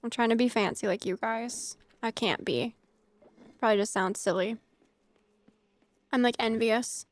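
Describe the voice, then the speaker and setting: With a fairly high voice, a young US woman chats unhurriedly with viewers while playing a farming game on stream, pausing often. She's giggly, full of filler words, and the recording is dry.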